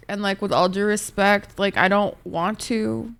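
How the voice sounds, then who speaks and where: A Twitch streamer, a woman with a medium-pitched voice, talks fairly quickly with few pauses. She chats casually with viewers live, rambling in a laid-back way and swearing freely while answering chat messages.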